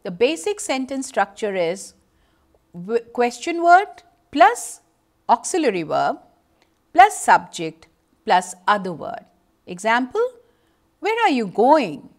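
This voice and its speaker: A woman's voice: a little high, huge pitch swings, slow, long pauses. A woman with an Indian English accent giving an educational lecture, explaining step by step and reading out example sentences. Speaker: teacher.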